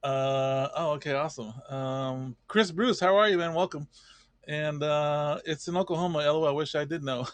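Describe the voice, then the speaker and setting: A man's voice: fairly high pitch, moderate pace, clean tone, no echo. A man hosting a casual live stream, rambling and chatty, greeting viewers by name.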